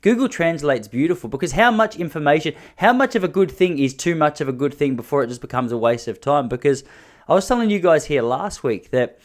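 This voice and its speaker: An Australian man in his thirties hosting a podcast, telling comic stories in a rambling way, with sudden jumps in pitch and loudness. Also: animated, fairly quick. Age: 30s. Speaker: podcast host. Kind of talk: comedic storytelling monologue.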